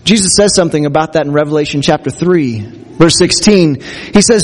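A man's voice: fairly high pitch, moderate pace, in a large hall. A man preaching a sermon as pastor, earnest, acting out quotes from scripture. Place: church.

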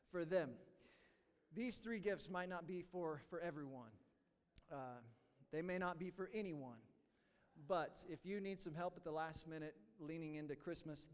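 High-voiced man preaching in a reverberant hall. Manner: joking, then earnest teaching; halting, repeats words. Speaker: pastor. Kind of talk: sermon. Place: church sanctuary.

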